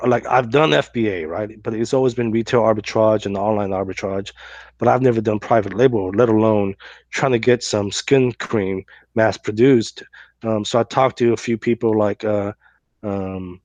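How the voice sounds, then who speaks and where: A man's voice: fairly low pitch, dry recording. A man hosting a podcast, telling a story in a loose, casual way with many fillers and "right?" tags. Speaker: podcast host.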